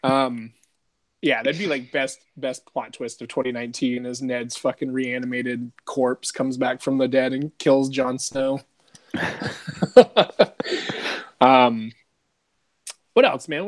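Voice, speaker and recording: Chatty profane man riffing on a podcast. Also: mid-range voice. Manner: rambling, profane, peppered with "dude" and "like". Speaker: podcast co-host. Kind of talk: casual podcast chat.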